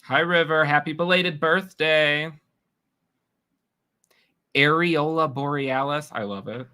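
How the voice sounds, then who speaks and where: Bright-voiced chatty male streamer. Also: fairly high pitch, animated, clean tone. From New York. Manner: chatty, teasing, quick reactions to chat. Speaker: livestream host. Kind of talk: casual livestream chat reading comments.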